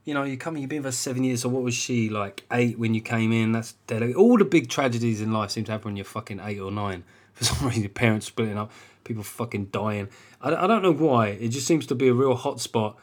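A man in his forties hosting a podcast, talking bluntly and casually with lots of swearing and "right?" tag questions. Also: a little fast. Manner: restless pitch jumps when emphatic. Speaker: podcast host.

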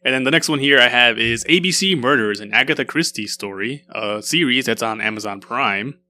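Bright-voiced man in casual chat. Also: medium pitch, brisk, slight background noise. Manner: rambling, many restarts. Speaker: podcast co-host.

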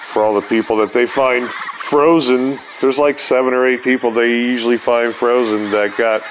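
A man's voice: medium pitch, fairly even intonation, normal speed, a little hiss or hum, poor audio. A man telling a rambling, profane story as a podcast host, laughing as he talks. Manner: laid-back, profane, laughs through story.

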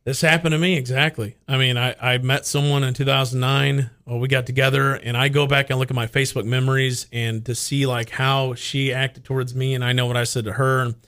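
A man's voice: mid-range voice, level tone, a little fast, few pauses, a bit bright, clear, resonant tone. Earnest man co-host. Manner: earnest, personal. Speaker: radio show co-host. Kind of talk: casual chat.

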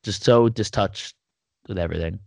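A man co-hosting a casual sports chat in a dry, measured way, with a sarcastic edge. His voice sits somewhat low. The sound is close and dry. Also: vocal fry, a little mellow, dry recording. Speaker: podcast co-host.

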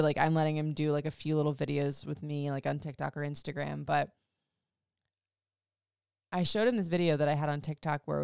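Woman in her 30s, deep voice with fry, heartfelt chatty host. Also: a little mellow, no echo, clean studio sound. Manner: emotional, chatty, many "like"s and "you know"s. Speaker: podcast host. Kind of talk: casual personal storytelling.

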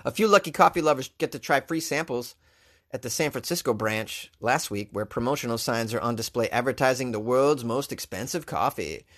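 A man's voice: medium pitch, lively intonation, fairly quick, a bit bright. A man hosting a comedic news commentary, reading headlines and riffing on them sarcastically. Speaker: host.

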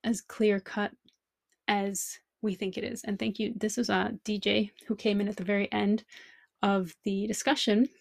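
A woman's voice: mid-range voice, level tone, normal speed, gravelly, no room sound. A woman language teacher hosting a podcast, thinking aloud in a reflective monologue full of rhetorical questions.

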